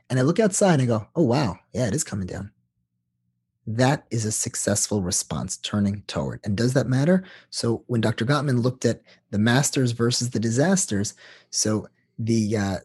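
A man who works as a couples therapist, explaining in an animated way during an interview. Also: mid-range voice, husky.

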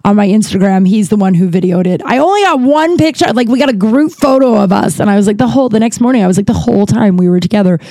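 A female podcast host tells a personal story in a rambling, casual way, full of fillers and restarts, candid and a bit profane. Her mid-range voice is warm and expressive, moving fast with few pauses, and there's no echo.

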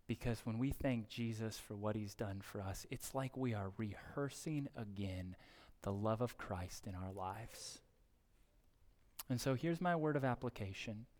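A male pastor preaching a sermon in a church service, earnest and exhorting, building to excited emphasis. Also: lowish voice, unhurried, big-room sound. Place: church sanctuary during a service.

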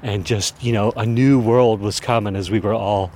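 Low-voiced man telling a lively story. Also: normal speed, a little hiss or hum. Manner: animated, chuckling anecdote teller. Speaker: podcast host. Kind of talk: casual storytelling monologue.

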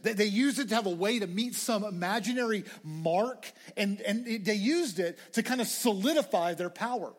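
A young man preaching a conversational, excitable sermon to students, often restarting his phrases. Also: high voice, moderate pace, few pauses. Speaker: campus minister. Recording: hall reverb.

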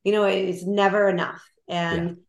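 A woman's voice: on the low side, flat delivery, measured pace, gravelly. A woman from Canada, a guest in an interview, talking candidly and animatedly with many fillers. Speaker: guest, Olympic marathoner. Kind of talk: casual interview chat. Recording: roomy echo.

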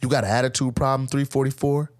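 A man's voice: mid-range voice, little pitch movement, fast, natural voice. A man mimicking a barking army drill sergeant. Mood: menacing. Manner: barking, threatening. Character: stern male army drill sergeant, berating recruits.

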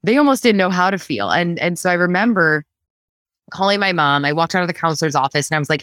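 A woman guest in a casual interview, telling her story with laughs and acting out quotes in a higher voice. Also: fast, no room sound, clean studio sound. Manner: animated, laughs often, acts out quotes in a higher voice.

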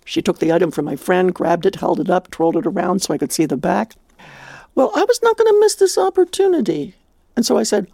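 A woman's voice: fairly low pitch, expressive, fairly quick, creaky, mellow, slightly rough, no echo. A woman hosting a devotional radio talk, telling a story and preaching in a heartfelt, exclamatory way.

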